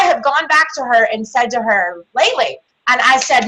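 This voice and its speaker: A woman's voice: fairly high pitch, brisk, few pauses, sharp tone, low-quality recording. A middle-aged woman hosting a team call, chatty and emotional, rambling through a story. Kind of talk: casual team call chat.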